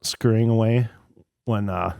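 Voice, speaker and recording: A man's voice: fairly low pitch, fairly even intonation, unhurried, vocal fry, warm tone, smooth. A man co-hosting a podcast in casual chat, often trailing off into details. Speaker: podcast co-host.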